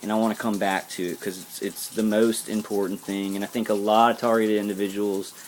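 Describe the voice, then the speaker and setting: A man's voice: fairly low pitch, little pitch movement, brisk, slight background noise. A man delivering an earnest spiritual pep talk to camera, rambling and repeating himself. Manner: earnest, intense. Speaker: vlogger.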